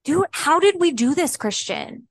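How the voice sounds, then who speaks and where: A woman co-hosting a podcast, excitable and exclaiming, peppering casual talk with 'like'. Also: sits high, a little slow, no echo. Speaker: podcast co-host.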